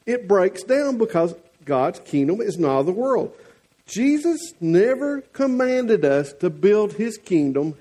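A man's voice: high voice, a little mellow. A man with a Southern US accent preaching a sermon as the church's pastor, folksy and teasing one moment, earnest the next.

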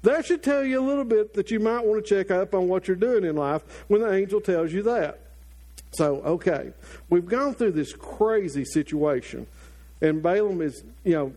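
A middle-aged male pastor preaching a sermon, telling a story with lively acted-out quotes and asides to the congregation. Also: high-pitched, moderate pace.

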